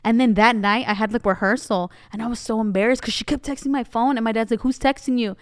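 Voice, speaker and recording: A woman's voice: fairly high pitch, fast talker, no room sound, clean studio sound. A young Mexican-American woman co-hosting a casual chat, telling stories with lots of quoted dialogue. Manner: chatty storyteller, animated quoting. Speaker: podcast co-host.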